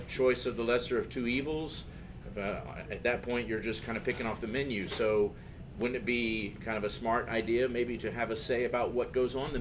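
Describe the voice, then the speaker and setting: A man's voice: mid-range voice, background noise. A man, a regular guest on a casual live show, giving a rambling political plug. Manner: rambling, self-promoting.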